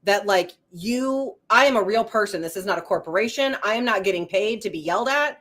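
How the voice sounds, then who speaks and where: A middle-aged woman from the United States co-hosting a casual live-stream chat, firm and steady in how she speaks. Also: medium pitch, brisk. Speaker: co-host.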